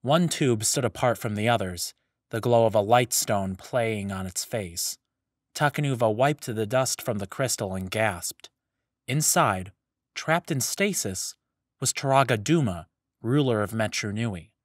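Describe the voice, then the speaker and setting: Brief: male narrator, lowish voice, steady audiobook read, dead-dry close mic. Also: measured pace, dry recording.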